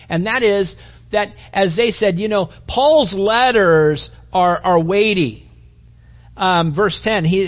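A male pastor giving a joking, rambling conversational sermon in a dull recording. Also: high voice. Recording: dull lo-fi sound.

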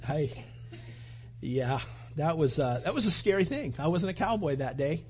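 A man preaching a sermon, telling a personal story in an animated way and acting out his own thoughts. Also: fairly high pitch, moderate pace, lo-fi sound. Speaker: pastor.

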